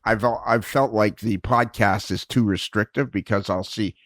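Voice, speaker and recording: A man's voice: on the low side, fairly even intonation, a little slow, fairly bright tone, dry recording. A man hosting a podcast in casual conversation, rambling a little and chuckling as he tells stories. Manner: rambling, searching for words, chuckles while telling stories. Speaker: podcast host.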